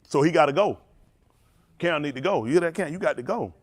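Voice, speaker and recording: Animated preacher man with a high, swooping voice. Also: a little fast, slightly rough. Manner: animated, confrontational preaching with congregation call-outs. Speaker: pastor. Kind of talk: sermon.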